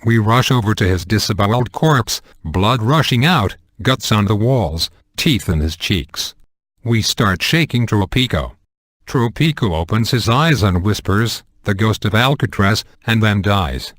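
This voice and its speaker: A man narrates a spoof horror story in a flat, deadpan way, and the crude jokes land without any change of tone. His voice sits on the low side and sounds dry and close to the mic. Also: measured pace, no room sound. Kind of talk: amateur comedic horror story reading.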